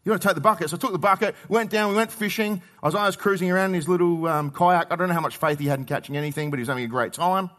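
A middle-aged Australian man preaching a sermon in a conversational way, swinging between loud emphasis and quiet asides. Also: high-pitched, racing, few pauses. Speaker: pastor.

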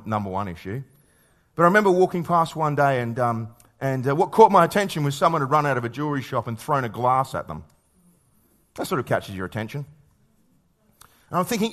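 Man preaching a conversational sermon. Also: on the high side. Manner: conversational, anecdotal, with rhetorical questions; reads scripture slowly and quietly.

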